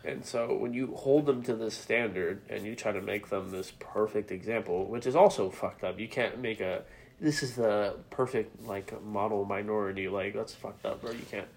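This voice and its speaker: A man's voice: fairly low pitch, normal speed, vocal fry, hardly any pauses, darkish tone. A man co-hosting a podcast, making his points earnestly in casual slangy talk. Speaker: podcast co-host. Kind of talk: casual chat.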